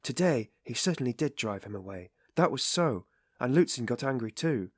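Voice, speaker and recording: A tipsy, blustering young man, read by a male narrator pushes his voice up and loud, loyal and impatient. The sound stays dry and close. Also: medium pitch, lively intonation, normal speed, dry recording, pitched above the performer's own voice, natural voice.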